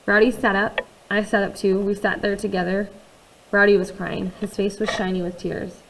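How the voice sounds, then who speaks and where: A woman narrating a first-person novel in a quiet, confiding way, with conversational asides to the listener. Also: mid-range voice, little pitch movement, moderate pace, slight background noise, rough recording. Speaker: audiobook reader.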